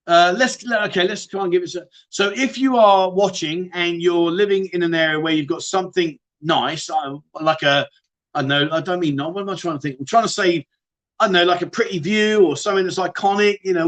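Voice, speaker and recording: A British man hosts a casual livestream chat, reading viewer questions aloud and answering each in turn. His slightly bright voice sits high for a man, and his chatty, matey manner has him calling viewers "mate."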